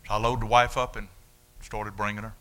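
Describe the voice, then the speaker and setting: An older man preaching his testimony in a folksy, animated storytelling way. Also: fairly low pitch, fairly quick. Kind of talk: sermon testimony.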